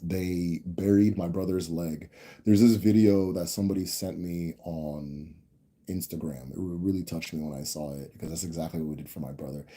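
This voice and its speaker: A deep-voiced man talks viewers through a long family story on a live stream. His tone is very dark and mellow. He rambles, restarts his sentences and keeps checking in with his listeners. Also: fairly even intonation, normal speed, breathy edge. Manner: rambling, with many restarts and tag questions. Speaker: host answering viewer questions.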